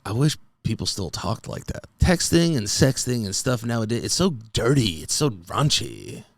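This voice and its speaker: In a clean studio recording with no echo, a podcast host in his thirties talks in a mid-range, gravelly voice at normal speed, his pitch swinging widely. His comedic solo monologue is goofy and rambling, packed with "dude."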